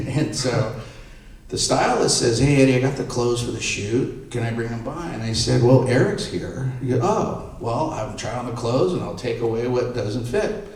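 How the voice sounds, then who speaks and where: A middle-aged man telling stories at a live panel event, jumping into the voices of the people he quotes. His voice sits at an ordinary pitch and carries a strong, boomy room echo, picked up from some distance away from the mic. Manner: animated, acts out quoted voices. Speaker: entertainment photographer on a panel. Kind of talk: anecdotal storytelling at a live panel. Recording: echoey room, mic far off.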